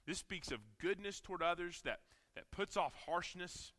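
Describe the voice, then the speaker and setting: A man's voice: high-pitched, normal speed, sharp tone. A man with a Southern American accent, a pastor preaching a sermon with earnest repetition and frequent restarts. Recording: long reverb of a large hall.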